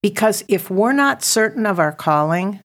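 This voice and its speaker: A woman's voice: mid-range voice, animated, moderate pace. A middle-aged woman giving an earnest testimony as a podcast guest, acting out her prayers with rising emotion. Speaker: ministry founder, guest.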